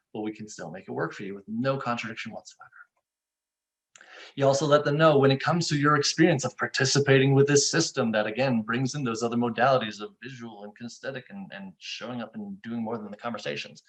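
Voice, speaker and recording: A man with an ordinary mid-range voice hosts a webinar in a loose, conversational way. He is animated and playful, and slips into little acted quotes as he explains. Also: mid-range voice, a little fast. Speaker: webinar host, software founder.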